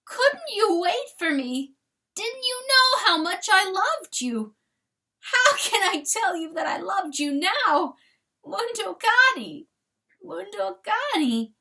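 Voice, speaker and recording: A woman's voice: extremely high pitch, very animated, slow, bright, forceful tone, pitched above the performer's own voice, heavily acted. A woman voicing a grieving male rooster lord who wails and shrieks in anguish in a storybook reading. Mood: wailing grief.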